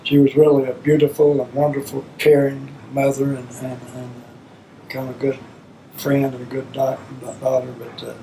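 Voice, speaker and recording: A man's voice: mid-range voice, level tone, moderate pace, gravelly, warm tone, slight background noise, rough recording. An older man, a father telling rambling, folksy stories about his children. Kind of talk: reminiscing storytelling.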